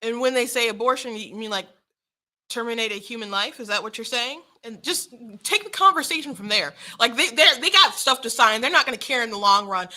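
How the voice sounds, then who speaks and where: A young woman hosting casual political commentary, talking frankly with quick restarts and short laughs. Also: fairly high pitch, bright, forceful tone.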